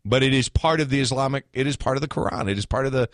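A male talk radio host delivers blunt, opinionated commentary peppered with sarcastic asides. His voice sits at a middle pitch and is heard close on a studio mic with a dry, dead sound. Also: rapid-fire, dry recording.

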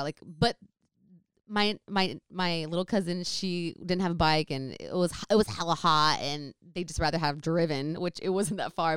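A woman's voice: fairly low pitch, clear, resonant tone, no room sound, clean studio sound. Rambling young woman telling a story. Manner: rambling, filler-heavy, animated retelling. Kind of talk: casual storytelling.

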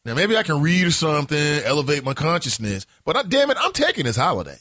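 A man hosting a casual morning talk show, telling a story in an animated, profane way. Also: on the high side, fast, few pauses, dry recording, studio quality. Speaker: host.

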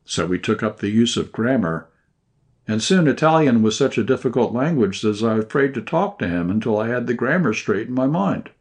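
A man reading a short story aloud in scripted first-person narration, at a measured, even pace. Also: mid-range voice. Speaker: audiobook narrator.

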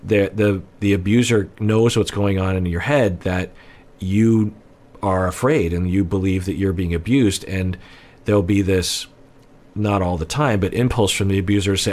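Male counselor-host, low register, measured analytical commentary. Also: darkish tone. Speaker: relationship counselor. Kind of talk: reaction commentary.

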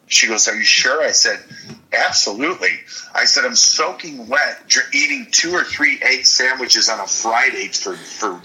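A man from Michigan tells blunt stories about his years in the game. His voice is very bright and forceful, and he talks with animated energy. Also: mid-range voice, low-quality recording. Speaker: former football player, guest. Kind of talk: storytelling interview.

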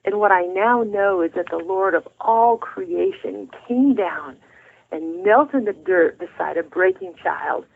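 Earnest woman speaking over a phone line. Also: on the low side. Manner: earnest, heartfelt storytelling. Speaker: guest author. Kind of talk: faith testimony in an interview.

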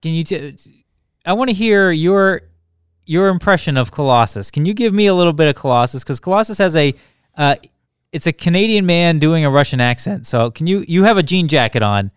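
Higher-voiced man joking in casual chat. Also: animated, fairly quick, smooth, no room sound, studio quality. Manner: joking, playful asides. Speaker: podcast co-host.

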